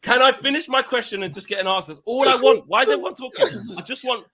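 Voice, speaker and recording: A man's voice: very high-pitched, expressive, fast, pushed and bright. A man hosting a heated casual football fan panel, talking over others and laughing often. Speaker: host.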